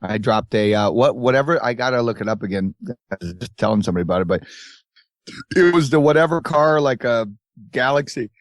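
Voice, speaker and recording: A man co-hosting a casual podcast recorded on a tour bus tells a long, wandering road story and slips into the voices of the people in it. His pitch sits in the middle range. The sound is close and dry, with no room around it. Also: expressive, a little fast, no room sound. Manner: rambling anecdotes with acted-out quotes. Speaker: podcast co-host.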